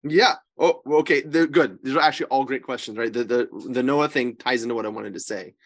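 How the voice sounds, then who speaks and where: A man in the role of a priest giving a relaxed scripture lesson, his pitch sitting in an ordinary middle range. He presses his points hard and keeps checking with his listeners for agreement. He often stops partway through a sentence to correct himself or start again. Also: fairly quick. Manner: emphatic, often checks in with "right?" and "okay?". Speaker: priest leading a Bible study. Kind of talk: informal scripture teaching.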